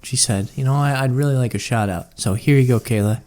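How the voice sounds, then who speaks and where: A young man co-hosting a casual podcast, cracking crude jokes and rambling from one thought to the next. His voice sits in an ordinary middle pitch. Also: fairly quick, a little mellow. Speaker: podcast co-host. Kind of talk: casual chat.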